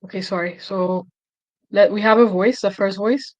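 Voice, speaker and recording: A woman hosting a casual screen-recorded software walkthrough, thinking aloud and correcting herself with frequent restarts. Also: medium pitch, steady tone, normal speed, poor audio. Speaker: tutorial host.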